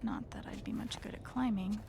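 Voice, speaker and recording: Alex Chen, a hurt young heroine. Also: female voice, medium pitch, wildly swooping pitch, a little fast. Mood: musing. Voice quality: soft, breathy whisper. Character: young woman, hurt, determined, inner thoughts. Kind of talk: whispered role-play.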